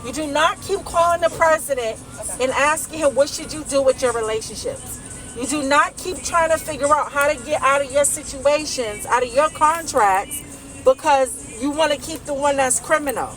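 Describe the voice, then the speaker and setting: A woman's voice: high-pitched, moderate pace, a bit bright, soft background music, low-quality recording. A woman delivery driver ranting to her phone camera from inside a car, heated and profane, tagging "okay?" onto her points. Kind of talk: casual rant to camera.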